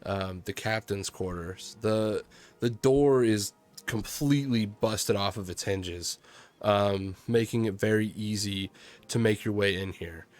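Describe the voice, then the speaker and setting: Man, game master, tabletop narration, hesitant, faint music behind. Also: fairly low pitch. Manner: halting, many ums and restarts.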